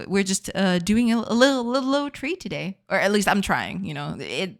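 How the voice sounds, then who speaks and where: A woman's voice: mid-range voice, expressive, normal speed, few pauses, faint music behind. A woman streaming game development live, chatting casually with her viewers, laughing often and repeating herself in a self-deprecating way.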